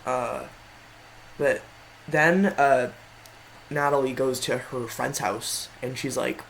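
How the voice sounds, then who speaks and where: A man talking through a ranked list in a loose, rambling way, stumbling over his words and correcting himself as he goes. His pitch is mid-range, and faint background noise sits under the voice. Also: steady tone, slow, vocal fry, long pauses, a bit bright, rough recording. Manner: rambling, frequent self-corrections. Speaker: video creator. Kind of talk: casual tier-list commentary.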